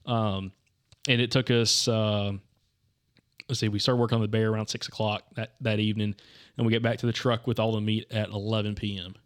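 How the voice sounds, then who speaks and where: A man's voice: on the low side, level tone, fairly quick, clean tone. A young man hosting a podcast, telling a hunting story in loose, rambling casual chat full of "dude" and "like.". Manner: rambling, says "dude" and "like" constantly.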